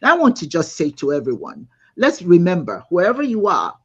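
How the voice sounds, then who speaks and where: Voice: mid-range voice, wildly swooping pitch, brisk, a bit bright, slightly rough, highs cut off. A host moderating a live panel discussion, affirming the guests and reading out viewer comments.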